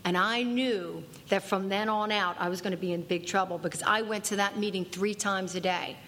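At a recovery meeting, a woman shares her personal testimony in an earnest, emphatic way, repeating key lines for weight. Her mid-range voice has fairly even intonation, a moderate pace and a fairly bright tone, with slight background noise.

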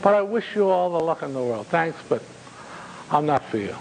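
A frightened man in a hospital bed, raised and strained in pitch, words stumbling as he pleads, as a storyteller puts him on. He sounds hopeless and raw rather than angry. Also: big pitch swings, normal speed, gravelly, darkish tone, big-room sound, slight background noise, poor audio. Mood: despairing. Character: shaken middle-aged man in a hospital bed, terrified and despairing.

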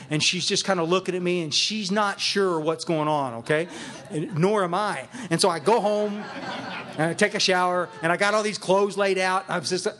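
A middle-aged man telling his own recovery story at a meeting, animated and self-mocking, laughing often and restarting his sentences. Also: high-pitched, fairly quick. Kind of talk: personal storytelling talk.

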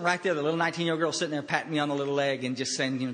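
A man giving a personal recovery talk, telling his story in a halting way with quiet pauses. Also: on the high side, steady tone. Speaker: recovery speaker. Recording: hall reverb.

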